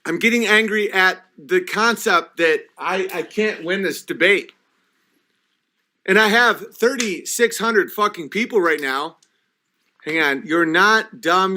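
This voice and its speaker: A man's voice: high-pitched, sharp tone, a little hiss or hum. A man hosting a livestream who rants and swears while he reads chat comments aloud and argues back at them. He says he has had a few drinks. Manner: agitated, profane, reading chat comments aloud. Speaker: livestream host.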